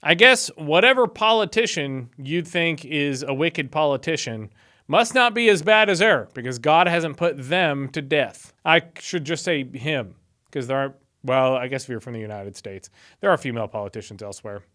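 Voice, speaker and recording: A man's voice: mid-range voice, expressive, moderate pace, fairly bright tone. A man reading scripture aloud in a casual video and adding his own chatty, wry asides as he goes. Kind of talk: casual Bible reading with commentary.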